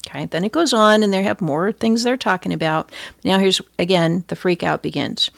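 Wry woman with a gravelly low voice. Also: normal speed, dry recording, clean studio sound. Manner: wry and amused, laughing between reads. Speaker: commentator reading out a chatbot's output. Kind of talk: casual commentary.

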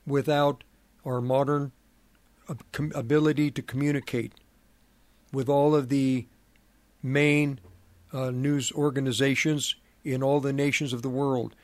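A middle-aged man hosting a prophecy commentary program, speaking in a slow, halting way with many fillers and restarts. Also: medium pitch, no room sound. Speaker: radio program host.

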